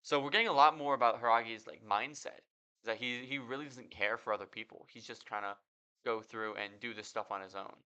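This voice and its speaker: A male podcast host talks through a manga chapter in a relaxed, offhand way, stopping to read each panel aloud before weighing in. His voice is bright and forward, with a clean, crisp tone. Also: mid-range voice, brisk. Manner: reads out translated panels, then comments. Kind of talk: casual manga reaction commentary.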